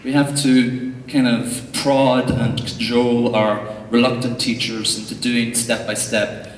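Before an audience in a large hall, a young Irish man coaching on tech gives a jokey, chatty conference talk full of fillers and asides. His medium-pitched voice has little pitch movement and an unhurried pace, picked up from far off in an echoey recording with slight background noise.

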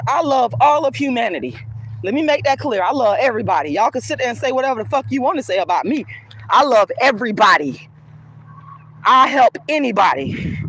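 A woman campaigning against colorism vents furiously at the camera outside, cursing and sneering. She has a fairly high, fairly bright voice with a slightly rough edge.

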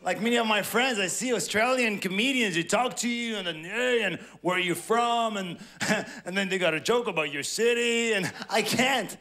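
A man from France with a French accent, performing a stand-up comedy set with a halting, self-deprecating delivery and playful acted quotes. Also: sits high. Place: large theatre before a live audience. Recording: stage mic over loud audience laughter.

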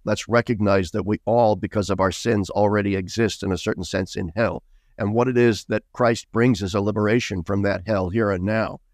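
A man's voice: on the low side, fairly even intonation, moderate pace, darkish tone, dry recording, studio quality. A man speaking as an author guest in a podcast interview, earnest and emphatic, repeating key words for stress.

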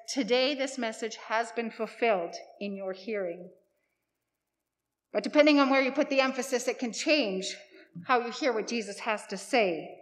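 A woman's voice: a little high, big-room sound. A woman pastor giving a sermon in a conversational, lightly humorous way. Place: church sanctuary.

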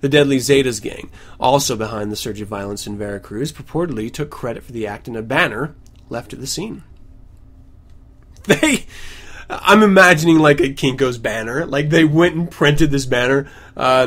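A man's voice: on the high side, normal speed, fairly bright tone. A man hosting a podcast at home, reading news stories aloud and breaking off into sarcastic, ranting asides. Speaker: podcast host.

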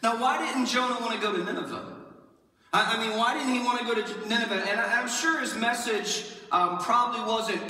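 A man preaching a sermon in a casual, animated way, often acting out the lines he quotes. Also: very high-pitched, fairly quick. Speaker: pastor. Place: church sanctuary. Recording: echoey church hall from far off.

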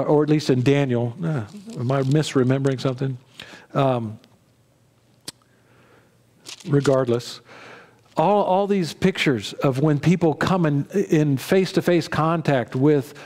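A male pastor giving a sermon in a conversational style, with frequent fillers, restarts and quick asides to the congregation. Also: mid-range voice, darkish tone.

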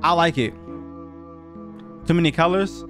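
A man's voice: a little high, a little slow, fairly bright tone, soft background music. A young man giving blunt, profane, slang-heavy reactions as he reviews viewer submissions in a casual video.

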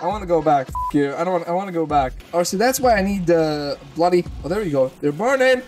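A gamer giving gameplay commentary, excitable, swearing often and repeating words in panicked bursts. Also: mid-range voice, a little fast, a little hiss or hum. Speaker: gamer hosting a let's-play channel.

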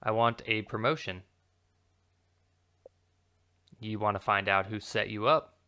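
An eager, upbeat police officer reaching out to a new colleague, as a man reads him in his own voice. His tone is friendly, and the voice is bright and smooth. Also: lowish voice, moderate pace.

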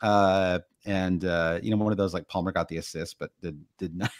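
A man's voice: sits low, steady tone, normal speed, no echo, studio quality. A man with a Midwestern American accent, co-hosting a casual podcast chat and rambling through many fillers and restarts. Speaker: podcast co-host.

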